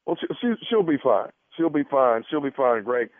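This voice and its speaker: A man's voice: medium pitch, sing-song, normal speed, no room sound, close to an everyday voice. A man playing a stammering awkward doctor on a phone line. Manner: hesitant, stammering, sheepish. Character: awkward male doctor making a creepy prank call. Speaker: prank caller. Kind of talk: prank phone call.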